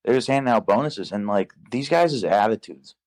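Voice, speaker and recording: A young man telling a work story in casual podcast chat, profane and animated, acting out the dialogue. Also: fairly low pitch, moderate pace. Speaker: podcast guest.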